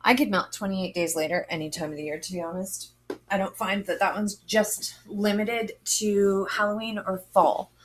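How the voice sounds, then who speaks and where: A woman vlogger giving a casual, chatty product review, lively and expressive with drawn-out exclamations. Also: medium pitch, slight background noise. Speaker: vlogger reviewing wax melts.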